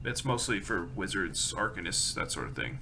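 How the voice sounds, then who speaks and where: Bright-voiced male game master. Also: deep voice, big pitch swings, normal speed, vocal fry, slight background noise. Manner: loose, descriptive, casual. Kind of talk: narrating a tabletop game.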